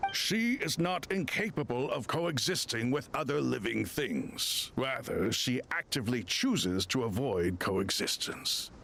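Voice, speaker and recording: An actor playing an ancient, solemn crocodile king god in a game, speaking in a formal, measured, reflective way. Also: mid-range voice, expressive, gravelly, a bit bright, exaggerated voice.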